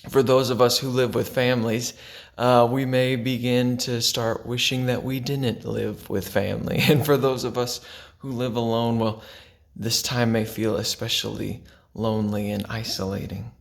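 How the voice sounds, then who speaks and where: A man, a pastor, giving a gentle and unhurried devotional talk that drops to a hush for quiet lines. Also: mid-range voice, little pitch movement, gravelly. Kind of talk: devotional sermon to camera.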